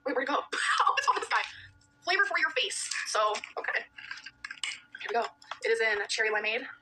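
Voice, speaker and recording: A woman vlogging to camera, chatty and excitable in casual talk. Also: fairly high pitch, brisk. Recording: noisy vlog clip replayed.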